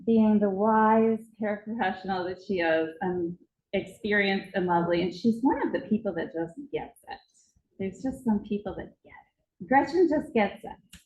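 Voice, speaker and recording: A woman's voice: mid-range voice, reverberant, narrow, tinny audio. A woman speaking at a conference, telling a vivid story about a child and acting out its moments. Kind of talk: storytelling presentation. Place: conference hall.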